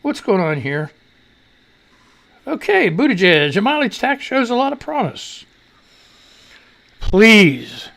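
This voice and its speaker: A man's voice: high voice, very animated, takes it slowly, creaky, long pauses, fairly bright tone. A man hosting a casual live news commentary show, ranting loosely and profanely as he reads and reacts to stories. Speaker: talk show host.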